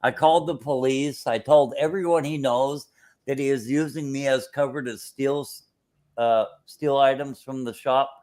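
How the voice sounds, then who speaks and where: A man of middle pitch chats casually. He circles back over his points with earnest fillers. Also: steady tone, moderate pace, darkish tone. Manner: earnest, repeats himself with fillers. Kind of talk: casual chat.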